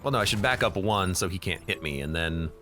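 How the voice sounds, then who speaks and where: A man's voice: sits low, animated, brisk, sharp tone, soft background music. A man streaming a strategy game, thinking aloud as he plans each move and often correcting himself. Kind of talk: live game commentary.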